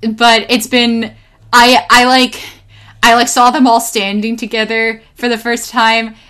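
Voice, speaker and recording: A young woman talking casually, full of fillers, swearing freely and telling stories with lively energy. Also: on the high side, measured pace, clean tone. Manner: rambling, filler-heavy, swears freely, animated storyteller. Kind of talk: casual chat.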